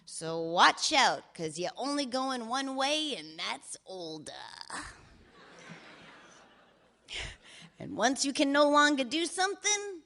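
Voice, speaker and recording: A cheerful, foul-mouthed older father leaving rambling voicemails, as his daughter puts him on. His voice sits fairly high and swings widely between phrases. He teases, swears and says he loves her in the same breath. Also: very animated, unhurried, bright, forceful tone, heavily acted. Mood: affectionate rambling. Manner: swearing freely, wry and affectionate. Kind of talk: reading voicemails aloud in character.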